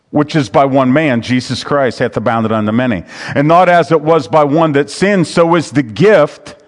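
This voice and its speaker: A man preaching a sermon as pastor. He talks in a conversational way, reads scripture aloud and repeats his key phrases. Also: a little high. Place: church sanctuary. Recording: long hall reverb.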